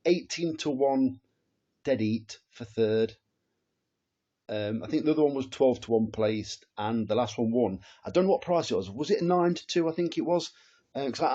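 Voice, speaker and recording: Male tipster, chatty and excitable, mellow husky voice, dull lo-fi recording. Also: medium pitch. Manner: chatty, excitable, rambling with restarts and exclamations. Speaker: horse racing tipster, host. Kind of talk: casual talk to camera about betting tips.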